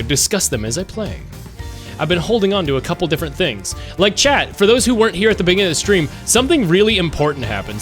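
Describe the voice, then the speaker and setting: A man's voice: fairly high pitch, a bit bright. A young man streaming games, rambling and joking casually as he talks to his chat. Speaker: game streamer.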